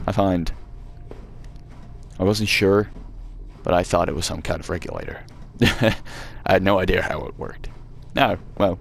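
A man's voice: deep voice, moderate pace, creaky, long pauses, slight background noise. A man chatting self-mockingly as he plays through a game, swearing now and then. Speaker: let's play gamer. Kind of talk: casual gameplay commentary.

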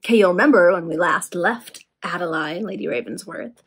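A woman reading a Victorian serial aloud to friends in a relaxed, casual way, with fillers and quick recaps. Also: fairly low pitch, husky. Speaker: reader.

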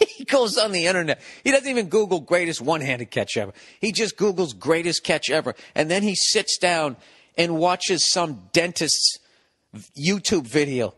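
Man, podcast host, sarcastic profane rant, slightly high voice. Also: moderate pace. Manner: profane, sarcastic, animated ranting with mocking impressions. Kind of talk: solo rambling podcast monologue.

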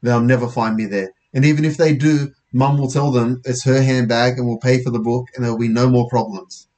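A man's voice: mid-range voice, fairly even intonation, brisk, a little mellow. Man reading a comic first-person story. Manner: casual, self-correcting, wry. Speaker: audiobook narrator.

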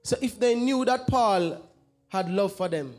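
Brief: man, church brother preaching encouragement, earnest, fairly high voice. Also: animated, darkish tone, soft background music. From Jamaica. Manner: earnest, repeatedly addresses the brethren, reads scripture slowly. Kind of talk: sermon exhortation.

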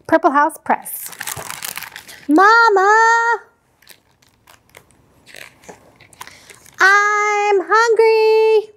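A woman children's librarian reading a picture book aloud in a slow, clear storytime manner. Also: high voice, a little hiss or hum.

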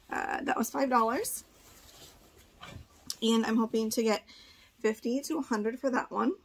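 Brief: young woman, pregnant and a bit breathless, casual rambling haul chat to a home camera. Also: medium pitch. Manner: chatty, thinking aloud, frequent "like" and "uh". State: heavily pregnant, a little short of breath. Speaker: part-time online reseller. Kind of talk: casual thrift haul vlog. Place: indoor room at home, seated before camera.

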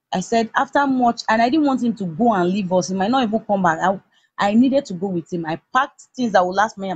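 A young Nigerian woman with a husky voice, heatedly retelling a personal story with many restarts. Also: lowish voice, a little mellow, no room sound. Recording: dull lo-fi recording.

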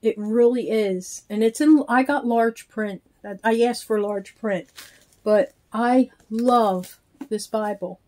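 A woman's voice: fairly high pitch, mellow. A middle-aged woman chatting casually while opening mail, speaking in a heartfelt, grateful way. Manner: slow, heartfelt, gushing with thanks. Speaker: reborn doll vlogger. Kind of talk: casual chat, unboxing.

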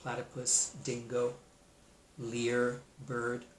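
A man, a teacher, reading a storybook aloud in a playful, expressive way and adding his own comments on the story. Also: medium pitch, extremely slow, a little hiss or hum. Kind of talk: storybook read-aloud with asides. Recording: roomy echo.

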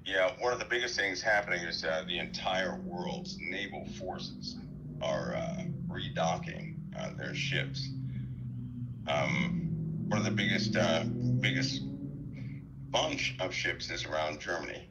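A man speaking on a headset as a guest on a talk show, halting, with many fillers and restarts. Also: low voice, expressive, gravelly, very noisy. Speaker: guest commentator. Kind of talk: call-in talk show chat.

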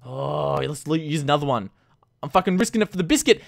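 A man giving casual, excitable commentary on a game he is playing, moving from quiet mumbling to sudden loud outbursts. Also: on the high side, a little fast, gravelly. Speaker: gaming YouTuber. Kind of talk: casual Let's Play commentary.

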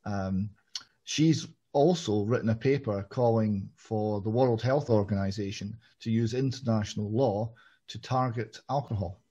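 Husky-voiced man interviewing. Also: on the low side, unhurried, dark tone. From Scotland. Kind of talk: political interview. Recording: muffled lo-fi audio.

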